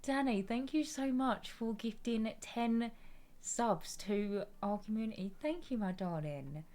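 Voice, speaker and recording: A woman's voice: fairly high pitch, measured pace, dark tone. A woman chatting casually with her viewers during a live stream, affectionate and familiar, greeting everyone as her darling. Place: at home at her gaming desk.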